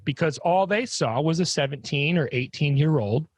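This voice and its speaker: A man's voice: on the high side, lively intonation, moderate pace, slightly rough, dry recording. A man hosting an interview, asking probing questions and checking in often. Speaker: podcast host.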